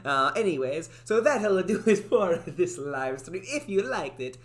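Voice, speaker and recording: A jolly, over-the-top Italian-accented character, as a man puts him on, pitched well above his normal voice and bursting with exuberance. He rolls his R's and bounces through each phrase in a sing-song, cartoonish way, with lively swoops of pitch. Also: measured pace. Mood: playful. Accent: exaggerated put-on Italian.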